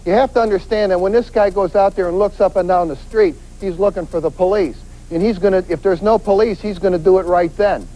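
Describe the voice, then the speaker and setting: With a fairly high but mellow, warm voice, a police detective lectures energetically on crime prevention, dramatizing scenes through quoted voices. He talks a little fast with few pauses, driving points home by repeating them forcefully, though the recording is poor.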